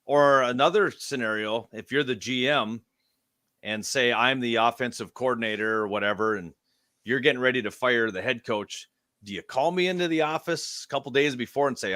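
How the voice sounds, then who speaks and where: Male co-host, mid-pitched and emphatic, casual sports-chat delivery, dry recording. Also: fairly quick, sharp tone, no echo. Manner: opinionated, emphatic.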